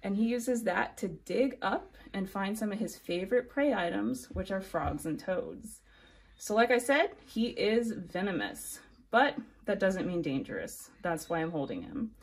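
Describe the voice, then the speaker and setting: Woman educator, mid pitch, calm, friendly kids' lesson delivery. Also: measured pace, husky. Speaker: snake keeper and educator. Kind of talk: educational explanation for children.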